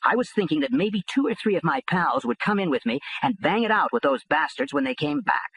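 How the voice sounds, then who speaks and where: A man's voice: high voice, very animated, a little fast, creaky, a bit bright, husky, dry recording, low-quality recording. A man reading an audiobook in first person, with a blunt, streetwise delivery. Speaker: audiobook narrator.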